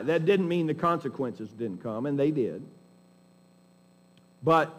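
A man's voice: mid-range voice, big pitch swings, unhurried, breathy edge. A male pastor preaching a sermon in a folksy, emphatic way, often restarting his sentences.

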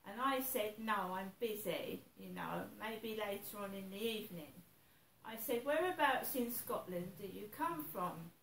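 A woman talks to her camera in a worried, halting way and circles back over the same points. She sounds a little far from the mic, and the room around her is echoey with faint background noise. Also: mid-range voice, animated, vocal fry, fairly bright tone. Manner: worried, repeats herself, hesitant. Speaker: vlogger. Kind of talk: anxious personal vlog.

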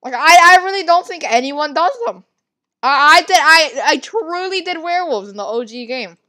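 A woman giving casual, excitable commentary while playing a game, gasping and rambling. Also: high voice, normal speed. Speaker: gaming video creator.

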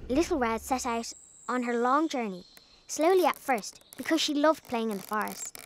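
A woman narrating a fairy tale in an expressive, dramatic storytelling manner. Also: fairly high pitch, normal speed, slight background noise, rough recording. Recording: music playing behind.

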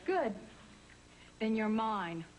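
A woman's voice: a little high, very animated, very slow, heavy background noise, heavily acted. An actor playing a repressed woman in a studio sitcom, coy and blunt. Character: repressed woman turning boldly forward. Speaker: sitcom character, a lonely divorcee on a date.

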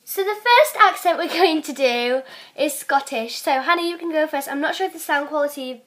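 A chatty English woman hosts a casual video and keeps breaking into giggles. Her voice sits notably high and playful. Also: expressive, normal speed, fairly bright tone. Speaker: channel host. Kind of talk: casual chat with a friend.

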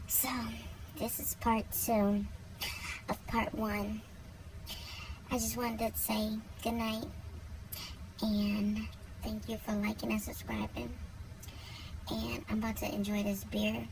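A woman vlogger wrapping up her video with relaxed, easygoing talk to her viewers. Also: a little high, slow, gravelly, long pauses, distant mic, noisy background. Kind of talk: casual chat to camera.

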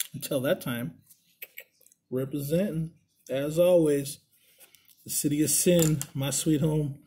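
Man telling a crude story, husky. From Puerto Rican family. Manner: animated, crude, jumps into high voices for quoted people. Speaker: vlogger telling stories. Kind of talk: casual storytelling, profane. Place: Las Vegas.

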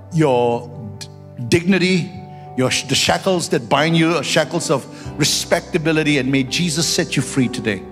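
A man who is a pastor, preaching a sermon with personal stories and rising into fervent prayer. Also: fairly high pitch. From Singapore. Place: church hall. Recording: church hall with long reverb.

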